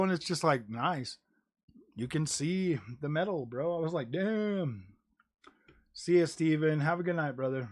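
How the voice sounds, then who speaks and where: A man streaming live, rambling casually about game consoles, saying "dude" and "bro" a lot and cursing now and then. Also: fairly high pitch. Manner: jokey, drops into mocking voices. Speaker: gaming streamer. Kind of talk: casual livestream chat.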